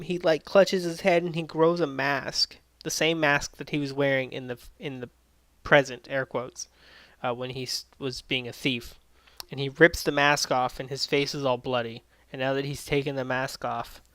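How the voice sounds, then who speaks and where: A man's voice: medium pitch, a bit bright, clear, resonant tone, no room sound. A man casually recapping and reviewing an anime episode, rambling with lots of fillers and swearing freely.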